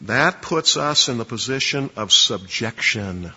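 A man's voice: mid-range voice, expressive, unhurried, bright, forceful tone, breathy edge. A man lecturing a class on preaching, emphatic, quizzing listeners to fill in blanks in their notes. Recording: dull lo-fi recording with long reverb.

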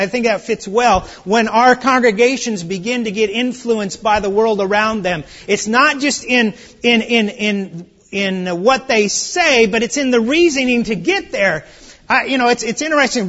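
A man's voice: high-pitched, moderate pace, a bit bright. A man preaching a conversational Bible study sermon, with frequent restarts and emphatic questions. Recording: muffled audio in a reverberant church hall.

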